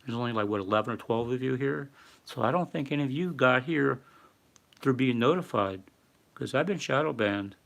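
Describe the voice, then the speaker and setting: A man's voice: medium pitch, expressive, moderate pace, vocal fry. An older man hosting a casual livestream, rambling and reading viewer chat aloud with lots of fillers. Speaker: livestream host. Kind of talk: casual live-stream talk.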